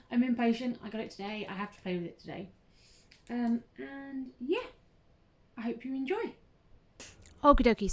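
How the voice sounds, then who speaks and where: A chatty, bubbly young woman who laughs a lot and says "um" often, hosting a casual crafting tutorial vlog. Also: fairly high pitch. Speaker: craft channel host.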